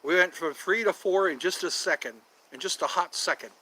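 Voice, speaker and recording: A man's voice: high-pitched, fairly quick, pushed and bright, slight background noise, poor audio. A man hosting a casual livestream, chatting with viewers in a playful, jokey, teasing way. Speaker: livestream host.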